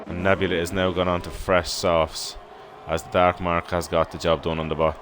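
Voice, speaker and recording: A man with an Irish accent calls a sim race live in a low, steady voice, running through pit stops and penalties in easy play-by-play. Music plays clearly behind him. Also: moderate pace. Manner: steady play-by-play, informal banter. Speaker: race commentator. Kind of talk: live sim racing commentary. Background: background music.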